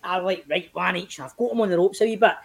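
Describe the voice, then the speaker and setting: A man in his late thirties with a Glaswegian Scottish accent, telling a story as a guest in casual chat, animated and sweary, acting out quotes in big swings of pitch. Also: rapid-fire. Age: late 30s. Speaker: podcast guest, actor.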